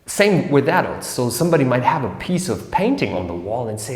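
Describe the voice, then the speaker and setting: Lively man explaining in an echoey room. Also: medium pitch, fairly quick. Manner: animated, acts out little scenes in different voices. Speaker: explainer host of an educational series. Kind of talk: casual explainer talk to camera. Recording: echoey room with long reverb.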